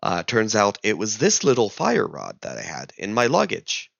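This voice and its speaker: Deep, gravelly man telling a story. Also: moderate pace, no room sound, muffled recording. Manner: animated, exasperated storytelling. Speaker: vlogger. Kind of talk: casual storytelling vlog.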